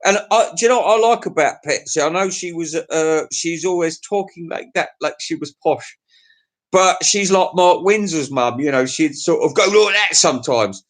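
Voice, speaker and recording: This middle-aged Englishman has a fairly high-pitched voice and keeps a moderate pace. Hosting a casual livestream, he rambles crudely to his viewers, chuckling to himself along the way.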